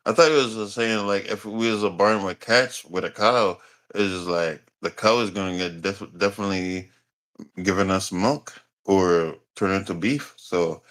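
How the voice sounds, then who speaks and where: A man's voice: low voice, normal speed, a bit bright. A man in a heated online debate, answering in a rambling, defensive, profane way. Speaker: debate guest.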